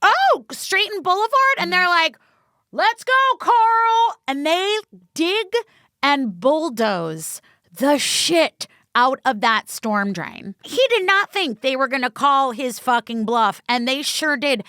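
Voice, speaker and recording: A woman's voice: high-pitched, lively intonation, takes it slowly, pushed and bright, smooth, no room sound, studio quality. A woman co-hosting a casual true-crime podcast, talking emphatically with swearing and acting out what police and suspects said. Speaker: podcast co-host.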